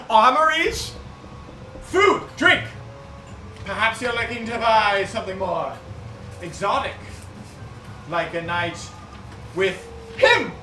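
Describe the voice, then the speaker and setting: A man's voice: high voice, pushed and bright, roomy sound, recorded from a distance, voice pushed up, exaggerated voice, low-quality recording. A man voicing a pushy male goblin merchant boss who barks orders and sells hard in broken grammar. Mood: hard selling.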